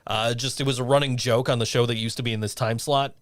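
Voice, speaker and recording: A man's voice: mid-range voice, fairly even intonation, fast, no room sound. A man hosting a casual radio show from a small studio, rambling and self-deprecating with frequent laughs. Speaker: show host. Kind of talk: casual on-air chat.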